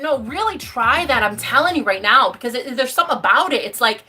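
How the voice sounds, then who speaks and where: An effusive woman hosts a casual livestream from home, her voice bright and higher than most. She swings widely in pitch as she gushes at viewers and chants affirmations, with faint music playing underneath. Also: sing-song, a little fast, hardly any pauses. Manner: effusive, bubbly, calls viewers babe and honey. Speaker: livestream host.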